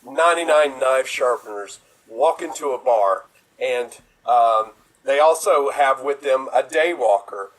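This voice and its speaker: A man in a middle-range voice tells a short pun joke for an improv round. He keeps it relaxed and lands the punchline deadpan. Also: medium pitch, measured pace, low-quality recording. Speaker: improv performer. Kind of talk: telling a quick pun joke.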